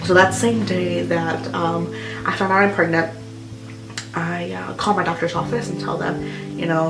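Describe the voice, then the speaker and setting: Young woman, vlogger, rambling storytelling, lots of fillers, slightly low voice, echoey room. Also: little pitch movement, moderate pace, gravelly, far from the mic. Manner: chatty and rambling, full of "like" and "um". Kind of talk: casual personal storytelling. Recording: roomy echo with music behind.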